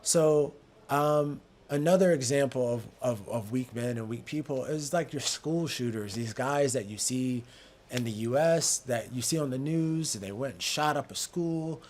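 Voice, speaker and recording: A man's voice: mid-range voice, unhurried, darkish tone. Earnest male podcast host. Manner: earnest, repeats words when building a point. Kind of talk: casual podcast talk.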